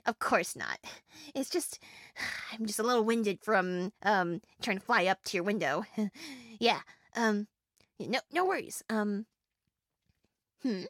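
A woman's voice: mid-range voice, expressive, slow pace, long pauses, a bit bright, dry recording, clean studio sound. A young woman voicing a small, chatty female fairy who grants wishes, giggling, rambling and stammering through many fillers in an audio role-play. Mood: flustered.

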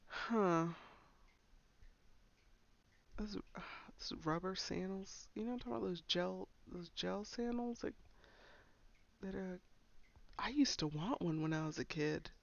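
Giggly, gravelly young woman chatting slowly. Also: lowish voice, a bit bright. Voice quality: frequent giggles, breathy whispered asides. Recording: slightly dull lo-fi sound.

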